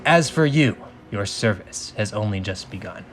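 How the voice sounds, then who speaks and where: A menacing villain lord who booms every word slowly and heavily, as a man puts him on. He speaks louder than the reader's own voice and drags out his threats, full of cold authority. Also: lively intonation, natural voice. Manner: booming, slow and commanding. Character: villainous dark master, male, booming and menacing.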